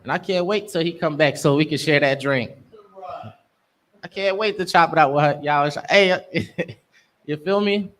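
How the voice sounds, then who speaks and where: A man's voice: a little high, measured pace, fairly bright tone. A young man teaching a scripture class, preaching emphatically in street slang. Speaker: class instructor.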